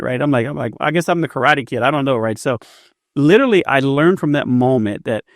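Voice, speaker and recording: A man's voice: medium pitch, no room sound, clean studio sound. A man in his fifties, a business guest telling stories in a casual interview, often repeating words as he starts a sentence. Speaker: entrepreneur guest.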